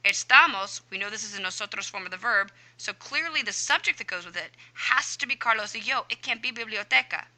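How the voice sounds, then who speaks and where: Bright-voiced woman teacher talking through answers. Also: medium pitch, expressive, brisk, hardly any pauses, low-quality recording. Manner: chatty, talks herself through each step aloud. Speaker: Spanish teacher. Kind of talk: explaining a homework answer key.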